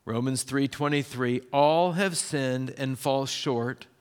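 A man preaching a sermon as pastor, in a lively, conversational way with quick bursts. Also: mid-range voice, clean tone.

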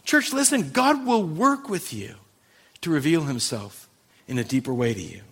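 A male pastor preaching a sermon, swinging from loud emphasis to hushed intensity. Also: fairly high pitch, big pitch swings, normal speed, husky.

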